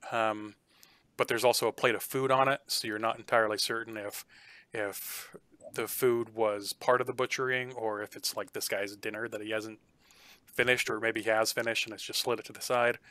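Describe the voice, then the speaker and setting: A man runs a tabletop game, describing each room in halting, filler-heavy narration. His voice is bright and forceful. The sound is close and dry, with no room around it. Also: lowish voice, flat delivery, no echo. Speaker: game master.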